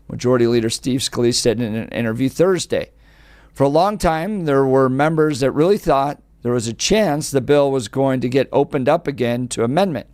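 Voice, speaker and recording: A man's voice: mid-range voice, no room sound. A man hosting a conservative talk radio show, reading news and mocking his opponents sarcastically.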